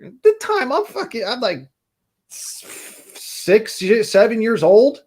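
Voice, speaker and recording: A man's voice: very high voice, huge pitch swings, slow pace, a little mellow, breathy edge. A man from Utah in casual chat, telling a rambling childhood story and cursing freely.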